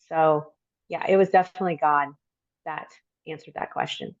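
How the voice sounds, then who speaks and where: A middle-aged woman telling a personal story as a podcast guest, reflective and halting, with many pauses. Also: low voice, steady tone, no echo, muffled recording.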